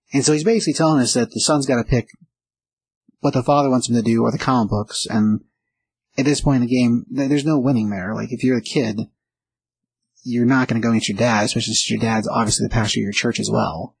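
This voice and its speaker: A man's voice: mid-range voice, steady tone, a little fast, slightly rough, poor audio. A man giving a casual, rambling spoken recap of a comic book, lightly acting out the characters' lines. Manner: rambling, acts out quotes lightly, frequent "like" and "uh".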